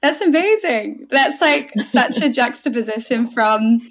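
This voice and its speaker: A woman's voice: a little high, animated, a little slow. Upbeat woman hosting a podcast. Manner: upbeat, laughs often. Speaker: podcast host. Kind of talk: podcast interview. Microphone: video call.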